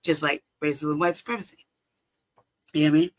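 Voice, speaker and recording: Speaking briskly in a low voice with fairly even intonation, a woman running a live stream recounts something from her own life. She swears casually, laughs often, and plays out past back-and-forths.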